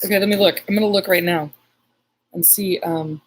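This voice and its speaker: Husky lower-voiced psychic lady rambling thru a story on her livestream, lots of restarts. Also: steady tone, moderate pace, poor audio. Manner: rambling with many restarts, chatty; reads viewer comments aloud. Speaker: psychic medium. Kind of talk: casual live-stream storytelling.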